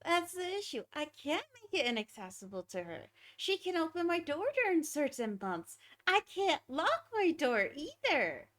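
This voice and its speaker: A woman's voice: high-pitched, very animated, normal speed, few pauses, a bit bright. A young woman streamer chatting casually and giggling as she talks to her pets during a game stream.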